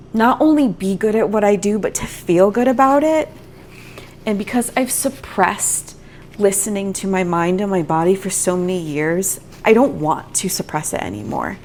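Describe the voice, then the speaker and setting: A woman's voice: mid-range voice, a little hiss or hum. A woman vlogging candidly to camera, venting her frustration frankly while nursing a migraine. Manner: frank, venting, self-reflective. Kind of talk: candid talking-to-camera vlog.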